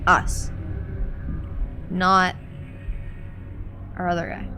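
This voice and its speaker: A woman's voice: fairly low pitch, monotone, very slow, pushed and bright, faint music behind. A woman playing a tabletop game, making wry, teasing remarks. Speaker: player. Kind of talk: casual tabletop play.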